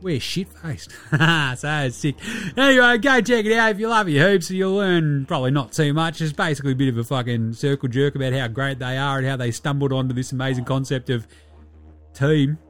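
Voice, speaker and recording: A man's voice: medium pitch, brisk, a bit bright, lightly acted. A man voicing a brash, foul-mouthed young Australian male basketball player, talking crude and boisterous with an Australian accent. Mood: rowdy. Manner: crude, boisterous, swearing constantly.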